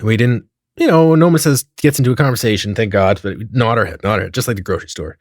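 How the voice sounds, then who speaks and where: A man telling a comedic story in a profane, animated way, acting out the dialogue as he goes. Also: fairly low pitch, fast talker, no echo, studio quality.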